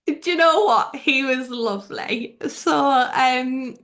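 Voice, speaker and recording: A woman's voice: sits high, takes it slowly. A woman with a Middlesbrough accent, a stunt driver telling stories as a guest in a casual interview. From Middlesbrough, England. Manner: chatty, lively anecdote telling.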